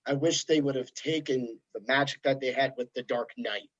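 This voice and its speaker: A man hosting a podcast, chatting casually in a rambling, animated way. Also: medium pitch, moderate pace. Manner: rambling, animated storytelling with put-on voices. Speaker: podcast host. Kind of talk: casual chat. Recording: dull lo-fi sound.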